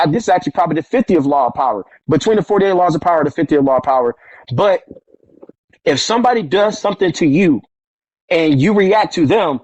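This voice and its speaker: Animated man telling street stories. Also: fairly high pitch, no echo, highs cut off. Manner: animated, acts out quoted voices, street slang. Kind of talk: casual storytelling conversation.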